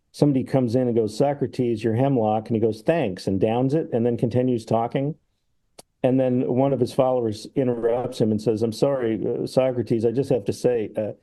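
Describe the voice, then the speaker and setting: A podcast co-host discussing films rambles casually, laughs often, and acts out sketches he remembers. His voice is medium-pitched and mellow.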